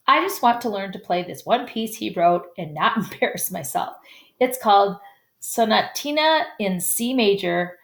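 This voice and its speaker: A woman reading a first-person story aloud who stumbles over hard names, apologizes and makes asides. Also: medium pitch. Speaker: audiobook reader.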